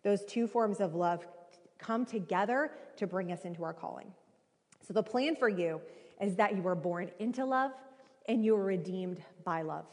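Animated woman preaching in reverberant hall. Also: mid-range voice, moderate pace. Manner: animated, conversational, many fillers. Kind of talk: sermon with personal story.

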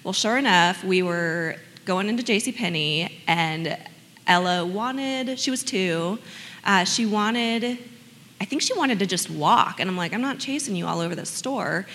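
A woman's voice: mid-range voice, unhurried, in a large hall. A woman telling parenting stories in casual chat, laughing often as she tells them. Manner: laughing, animated storytelling.

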